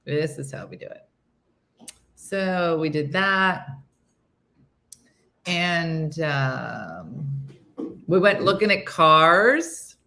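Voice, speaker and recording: Telling a story on her casual morning show, the host, a woman in her fifties, acts out her friends' voices with animated delivery. Her voice sits low, and she draws out words with long pauses.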